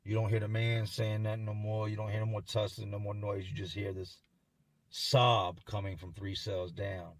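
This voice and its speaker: A man tells a first-person story in a somber, haunted way, often pausing and breaking off. His voice is husky and sits on the low side. The sound is dry and close to the mic. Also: level tone, no echo.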